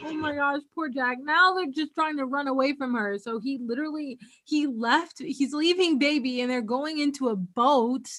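Excitable high-voiced young woman reacting. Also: normal speed, few pauses. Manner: excitable, chatty, laughs often. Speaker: TV show reactor. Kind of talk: casual reaction commentary.

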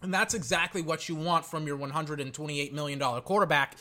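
A man reacting live to a football game as a fan, excitable and exclamatory, rambling between play calls. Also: fairly high pitch, quick pace.

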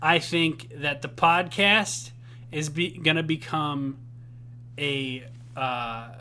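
A young man co-hosting a podcast in casual chat, joking and laughing often with quick bursts of enthusiasm. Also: fairly high pitch, bright, forceful tone, a little hiss or hum. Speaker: podcast co-host.

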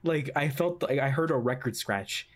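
A podcast host, a man at an ordinary middle pitch, tells a story in casual chat. He talks haltingly, with many restarts and fillers, and acts out his own past lines.

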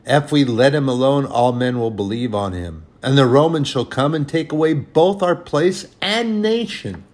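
A man's voice: mid-range voice, animated, moderate pace, darkish tone, voice pushed up, natural voice. A man voicing anxious male Pharisees, fretting aloud about what to do. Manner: anxious, fretful. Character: worried male Pharisee council members.

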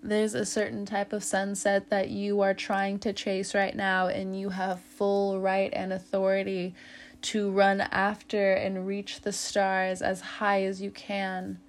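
A woman's voice: mid-range voice, monotone, takes it slowly, slight background noise. A woman giving a casual tarot reading straight to her listener. She laughs often and calls the listener fam and homie. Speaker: tarot reader.

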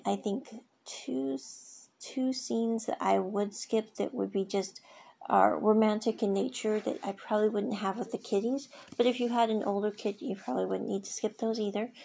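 A woman casually reviewing a drama episode, retelling scenes in a chatty way with many asides, her voice a little husky. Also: medium pitch, fairly even intonation, moderate pace, warm tone, slight background noise. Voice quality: husky, gravelly.

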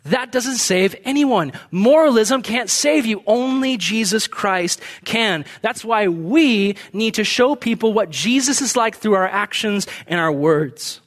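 A young man with a notably high voice preaches to his congregation. He talks in a casual, storytelling way, slipping into the voices of the people in his stories. The delivery feels like a relaxed sermon rather than a formal address. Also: unhurried, hardly any pauses. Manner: conversational storytelling preaching, acts out quotes. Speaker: pastor.

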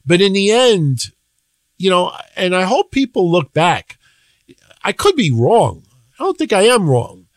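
Male podcast co-host with a higher voice and a dry, close sound; blunt, opinionated, swears, acts out quotes. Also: big pitch swings, measured pace, no room sound. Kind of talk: casual wrestling recap chat.

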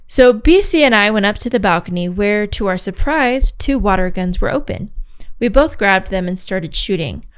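A woman co-hosting a podcast, reading a story aloud with animated, giggly asides. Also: medium pitch, moderate pace, clear, resonant tone. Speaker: podcast co-host.

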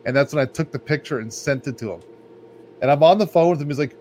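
A man's voice: a little high, quick pace, mellow. Rambling, laid-back male podcast storyteller. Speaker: podcast co-host. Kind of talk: casual podcast chat. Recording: faint background noise.

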